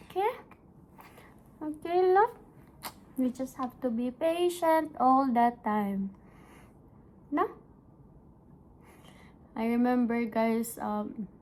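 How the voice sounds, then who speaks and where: A young adult woman with a Cebuano Filipino accent, vlogging casually and warmly, addressing her viewers as "guys" and switching between languages. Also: a little high, slight background noise, rough recording. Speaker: family vlogger. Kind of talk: casual vlog chat.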